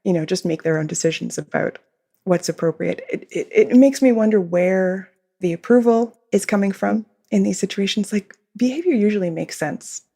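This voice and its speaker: A woman's voice: medium pitch, moderate pace, dark tone. A woman, a behavior consultant, answering interview questions in a podcast and explaining at length, often giggling between points. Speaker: behavior consultant and author, guest.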